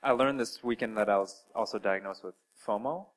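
A man preaching a sermon in an earnest way, asking his listeners direct questions and swinging between loud and soft. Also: on the low side, brisk, rough recording. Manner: earnest, with wide swings in loudness.

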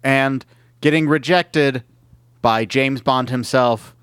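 A man hosting a casual podcast chat, playful and quick to laugh, opening the show like an emcee. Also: mid-range voice, fairly bright tone, clean tone, no room sound, clean studio sound. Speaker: podcast host.

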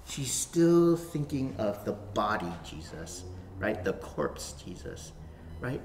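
Pastor preaching in a roomy echo. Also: male voice, on the low side, takes it slowly, a little hiss or hum. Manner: animated, swings from loud emphasis to soft near-whispers. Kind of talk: sermon.

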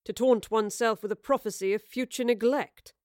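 A man's voice: high voice, fairly even intonation, a little fast, a little mellow, dry recording, studio quality, natural voice. A woman reading a storybook voices a proud young man with formal, cutting remarks. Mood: cold. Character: young man, proud, sharp-tongued, searching.

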